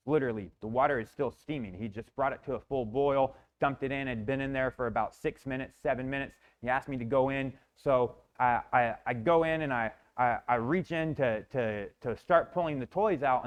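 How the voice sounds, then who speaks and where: A man in a motivational talk telling a personal story intensely, often repeating words and restarting, with some swearing. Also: medium pitch. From Florida, USA. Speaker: motivational speaker.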